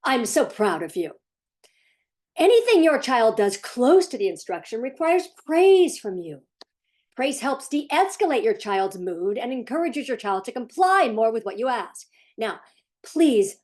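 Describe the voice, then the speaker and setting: A woman parent coach talking casually to the camera in a sarcastic, animated way, sometimes laughing as she speaks. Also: a little high, normal speed. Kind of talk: casual vlog commentary.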